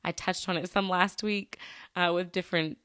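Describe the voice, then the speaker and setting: Hosting her solo podcast, this young adult woman is bubbly and upbeat, laughing often and exclaiming happily as she chats. Her voice is fairly low, steady, clear, and resonant with a fairly bright tone, at a moderate pace, captured in studio quality with no room sound.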